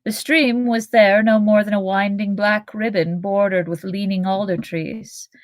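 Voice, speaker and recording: A woman co-hosting a podcast reads a novel aloud in a steady, mid-pitched voice. Between passages she chats easily and laughs often. Her voice is close and dry. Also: a little slow, no echo. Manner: steady reading, giggly in chat. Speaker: podcast co-host and reader. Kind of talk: reading a novel aloud with chat.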